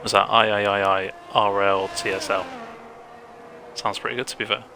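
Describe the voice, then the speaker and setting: Man, low-pitched, joking sim race co-commentator, loose banter, noisy backdrop. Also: flat delivery, normal speed, gravelly, bright, forceful tone. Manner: joking, chatty storyteller. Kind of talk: live sim racing commentary.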